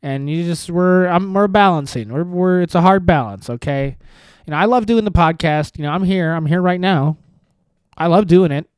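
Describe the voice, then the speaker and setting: A man's voice: sits high, normal speed, smooth, no echo. A young man hosting his own podcast, rambling through self-deprecating jokes with lots of restarts. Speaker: podcast host. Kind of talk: solo comedic podcast monologue.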